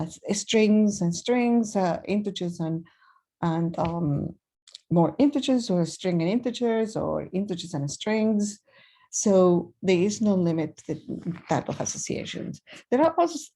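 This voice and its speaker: Gravelly Argentinian woman teaching code. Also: lowish voice, mellow. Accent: Argentinian Spanish. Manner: meandering, thinks aloud with many fillers. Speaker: programming teacher. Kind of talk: casual screen-share coding lesson.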